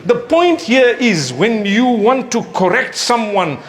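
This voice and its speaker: A man with a fairly high voice preaches in a relaxed, conversational way. He gives gentle advice and brings his stories to life by acting out the people in them. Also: slow. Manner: animated, acts out quoted speakers; recites scripture in melodic chant. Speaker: Islamic preacher. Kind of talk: conversational sermon.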